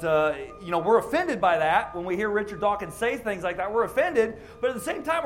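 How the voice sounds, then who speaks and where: A racing ministry chaplain with a high voice gives an informal sermon at a racetrack. He shares a personal story in a plain, conversational way.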